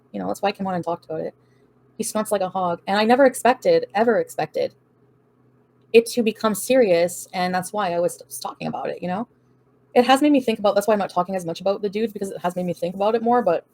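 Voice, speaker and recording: On a casual livestream, a woman with a mid-range, darkish voice reads viewer comments aloud and answers them. She's blunt, profane and defiant, and she laughs often.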